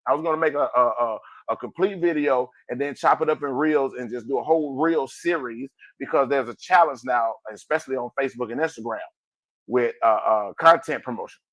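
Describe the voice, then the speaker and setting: A man hosting a podcast in a motivational monologue, colloquial and preachy, calling out "ooh" and swinging between loud and soft. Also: a little fast. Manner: preachy, exclaims "ooh", big swings in pitch and volume; colloquial, addresses listeners as family. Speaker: podcast host.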